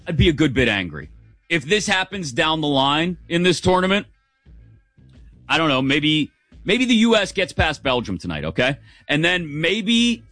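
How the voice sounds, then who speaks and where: An American man hosting a sports radio show, giving a sarcastic, opinionated monologue. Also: dry recording. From United States. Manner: sarcastic, animated, shifts pitch for emphasis.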